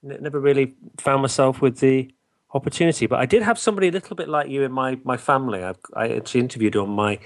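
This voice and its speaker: A man with a mid-range voice hosts a conversational interview. He asks his questions in a relaxed, unhurried way, pausing with small fillers. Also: medium pitch. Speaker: interview host. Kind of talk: casual interview chat.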